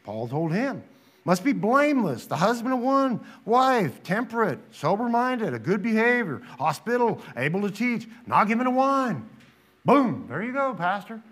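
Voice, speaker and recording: Animated, high-pitched preaching man. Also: moderate pace. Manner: emphatic preaching, reads scripture aloud, rhetorical questions; dramatizes quotes with sudden loud rises. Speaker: pastor. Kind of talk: sermon.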